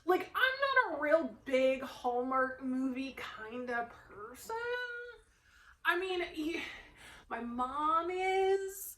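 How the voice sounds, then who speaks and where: A woman book vlogger chatting casually, rambling into animated stories and laughing often. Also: high voice, takes it slowly, echoey room, rough recording. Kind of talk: casual chat.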